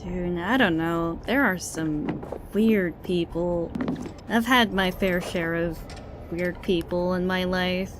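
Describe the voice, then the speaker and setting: Slow-talking, wry young woman streamer. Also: on the low side, background noise. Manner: chatty, wry, full of fillers and self-corrections. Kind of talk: casual storytelling on a stream.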